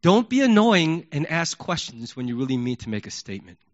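A man preaching a sermon in an animated way, acting out yelled questions. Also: a little high, a little fast. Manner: animated, acts out yelling questions. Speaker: pastor. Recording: dull lo-fi recording.

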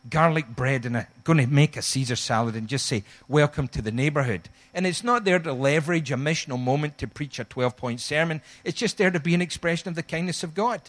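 A middle-aged man preaching a sermon, telling a humorous story with animated, acted-out quotes. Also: fairly high pitch, moderate pace. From Scotland. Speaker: guest pastor.

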